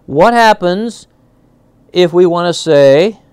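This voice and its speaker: Male Bible teacher, classroom lesson, slightly high voice, dry close sound, chatty, sounds out Hebrew slowly. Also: lively intonation, a little mellow, clean tone, no room sound. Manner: conversational, stops to check understanding with "okay?"; searches aloud for words, with fillers and restarts.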